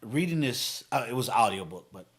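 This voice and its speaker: A man's voice: medium pitch, a little fast. A man guesting on a podcast as a motivational speaker, telling stories energetically, cursing freely and acting out what people said. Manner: energetic storytelling, heavy cursing, acts out quotes. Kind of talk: casual podcast chat.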